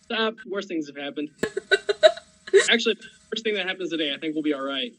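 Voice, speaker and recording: A man's voice: on the high side, expressive, brisk, poor audio. A man chatting as a guest on a live stream, with dry, self-deprecating humor. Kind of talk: casual chat.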